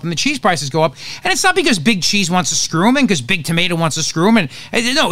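A male talk show host with a fairly high voice delivers opinionated political commentary. He is emphatic and sarcastic and often restarts his sentences. He is recorded dry and close in a studio. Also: a bit bright, no echo.

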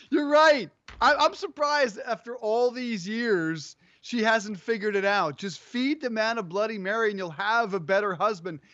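A man co-hosting a sports talk show from home, chatting in a lively, playful, upbeat way. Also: sits high, moderate pace, few pauses, no room sound, lo-fi sound. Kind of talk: casual sports radio chat. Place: home studio.

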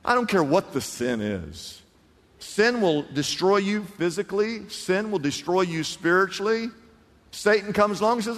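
Booming preacher in a reverberant hall. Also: male voice, very animated, normal speed. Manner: preacher swinging from booming to hushed, acting out voices. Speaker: pastor. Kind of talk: sermon.

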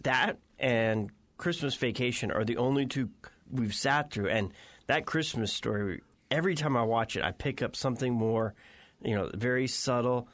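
A man hosting a radio show, chatting casually and telling stories in an animated way. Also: medium pitch, dry recording. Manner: animated storytelling. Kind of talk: casual chat. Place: radio studio.

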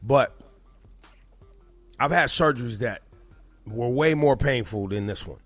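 A man's voice: medium pitch, measured pace, fairly bright tone, faint music behind. A man hosting a morning radio show, joking bluntly and rambling loosely in casual banter from a studio mic. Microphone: studio microphone.

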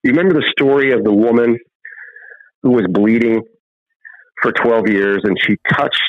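A man's voice: mid-range voice, moderate pace, no room sound. Male guest preacher-storyteller, fervent, acts out scripture voices, muffled remote line. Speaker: guest, filmmaker and ministry founder.

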